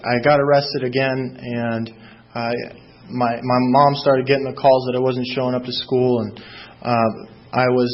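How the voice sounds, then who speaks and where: Male speaker at a recovery meeting, halting and filler-heavy delivery, even flat pitch, muffled recording. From Southern California. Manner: halting, many fillers and restarts. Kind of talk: recovery story told to a meeting.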